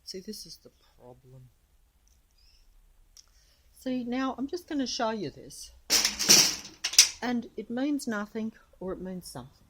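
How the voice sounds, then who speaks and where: A vlogger rambles to her handheld phone camera while filming on a residential street outdoors, in a very noisy setting. Her voice is on the high side and very animated, yet a little slow with long pauses. She chats and meanders, speaking to both the camera and her cat.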